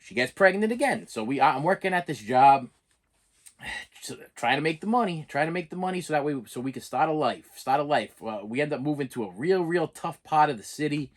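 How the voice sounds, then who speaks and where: A man's voice: fairly high pitch, animated, fairly quick. A middle-aged man telling a personal story to his channel, plain-spoken and emphatic, rambling, repeating phrases and restarting his sentences. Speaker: channel host.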